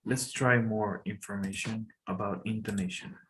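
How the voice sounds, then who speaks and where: A man's voice: lowish voice, moderate pace, slight background noise. Patient male English tutor. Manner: patient, relaxed teaching with frequent "okay". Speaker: online English teacher. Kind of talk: casual one-on-one lesson.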